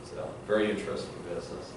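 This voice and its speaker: A man's voice: quick pace, recorded from a distance. A middle-aged male law professor giving a conversational classroom lecture full of anecdotes, fillers and restarts. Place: large classroom. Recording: echoey classroom recorded from afar, faint hiss.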